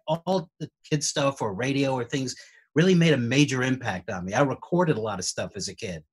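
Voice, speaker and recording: Husky man reflecting in a rambling way. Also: medium pitch. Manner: rambling, halting restarts. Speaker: cast member. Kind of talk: reflective casual chat.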